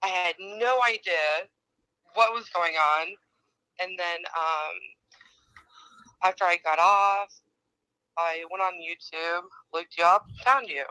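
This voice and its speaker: Bright-voiced Valley girl-style woman calling in. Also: on the low side, slow, long pauses, clear, resonant tone, no echo, low-quality recording. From Indiana. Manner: self-described Valley girl speech, many ums and likes. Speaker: caller. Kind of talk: casual phone-in chat. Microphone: phone.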